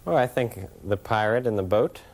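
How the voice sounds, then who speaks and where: Gentle, slow-spoken male children's host. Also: fairly low pitch, animated, a little hiss or hum. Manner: gentle, slow, hesitant, curious. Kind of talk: gentle conversation on a children's show.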